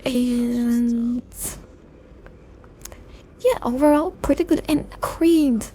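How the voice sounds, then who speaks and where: A young woman in soft-spoken ASMR style, her voice high and mellow. She rambles loosely, drifts off topic and pokes fun at herself, with the odd slip into a whisper. A faint hum sits behind her. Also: extremely slow. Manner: rambling and self-deprecating, loses focus. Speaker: ASMR creator.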